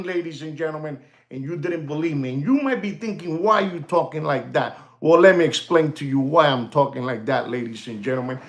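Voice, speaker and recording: A man who makes online content, ranting casually to his viewers in a rambling, repetitive way, constantly saying "you know" and calling out "ladies and gentlemen". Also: on the high side, expressive, a little fast, reverberant. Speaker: watch channel content creator.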